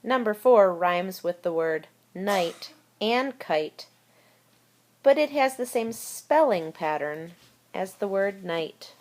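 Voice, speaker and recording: A woman's voice: medium pitch, animated, slow, a little mellow. A woman teacher giving a recorded spelling lesson to young children, talking them through words and spelling them out letter by letter. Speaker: elementary school teacher.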